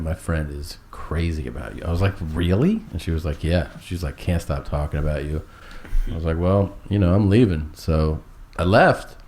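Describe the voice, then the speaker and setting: A man's voice: sits low, a little mellow. A man telling a long, rambling, profane story in casual chat, acting out every quote.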